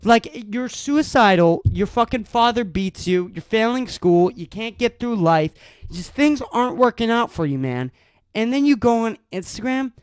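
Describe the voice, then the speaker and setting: Podcast host, male, furious profane solo rant, lively swinging pitch, dry close sound. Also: normal speed, smooth, no room sound. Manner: angry, profane ranting with stammered restarts.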